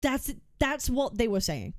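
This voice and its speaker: A woman's voice: fairly high pitch, very animated, a little slow, no echo, studio quality. A woman streamer making a heated, argumentative case on stream, emphatic and often repeating herself. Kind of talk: heated reaction rant.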